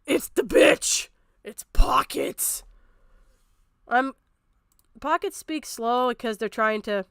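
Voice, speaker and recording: A woman streamer tears into a video in a blunt, swearing rant. Her voice sits a bit high and comes through smooth and clear. The recording is close and dry. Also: fairly bright tone, no echo. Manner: blunt, swearing, ranting, mocking impressions. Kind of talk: profane livestream commentary.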